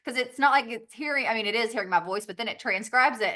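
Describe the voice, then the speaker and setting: Chatty Southern woman with a higher voice. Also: quick pace, pushed and bright. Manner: chatty, laughs often, acts out little quoted exchanges. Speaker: business trainer on a team call. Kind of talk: conversational training talk.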